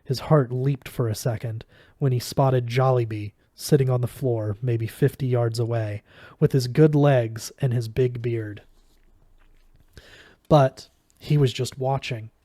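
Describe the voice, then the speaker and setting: A man reads a fantasy novel aloud at a steady pace, now and then tripping over a word. His voice is mellow and dark, at an average pitch. The recording is close and dry. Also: unhurried, no room sound. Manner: steady reading with small stumbles. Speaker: audiobook reader.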